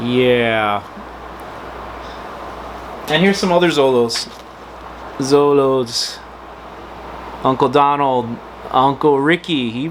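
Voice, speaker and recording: A man chats through a personal story for his video channel, drifting and restarting as he goes, with plenty of fillers along the way. His voice sits at an ordinary middle pitch. A faint hum runs under the recording. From United States. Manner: rambling, with many fillers and restarts. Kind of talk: casual storytelling vlog.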